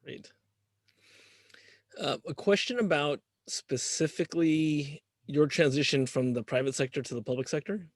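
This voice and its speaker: A man's voice: a little high, normal speed, no room sound, studio quality. A man moderating a webinar interview, asking long questions with hesitations and restarts.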